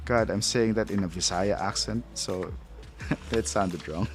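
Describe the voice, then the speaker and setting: A man's voice: lowish voice, expressive, a little slow, long pauses, a little hiss or hum. A man who is not a native English speaker, casually rambling and thinking aloud as he reviews a toy, chuckling at himself. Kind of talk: casual unboxing commentary.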